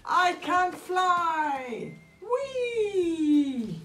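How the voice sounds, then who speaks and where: Storybook baby bat, squeaky and high, timid, as a woman reading aloud puts her on. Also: moderate pace, gravelly, faint music behind. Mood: thrilled. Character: small nervous young bat learning to fly.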